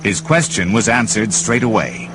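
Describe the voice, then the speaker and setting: Expressive male storybook narrator. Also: fairly low pitch, normal speed, background noise. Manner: expressive, building with the action. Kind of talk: storybook read-along narration.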